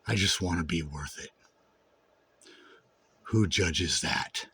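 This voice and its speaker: A man giving a raw personal monologue to camera, intense and full of swearing, dropping low and brooding, then rising to shouts. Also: takes it slowly, husky. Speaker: vlogger.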